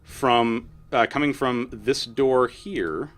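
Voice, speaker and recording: A man's voice: mid-range voice, slow pace, noisy background. A man running a tabletop game as dungeon master, narrating in a casual way and laughing now and then.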